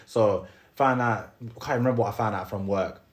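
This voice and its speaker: A man's voice: lowish voice, moderate pace. A young man with a London accent telling a story in casual, slangy podcast chat, repeating and restarting as he goes. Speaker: podcast co-host.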